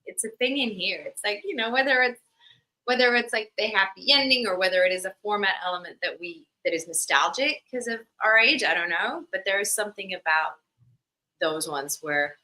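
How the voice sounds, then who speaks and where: Bright-voiced Australian woman, chatty. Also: medium pitch, brisk, poor audio. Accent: American with Australian slipping in. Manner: animated, chatty, lots of fillers. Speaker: guest, actor and content creator. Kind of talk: casual podcast chat.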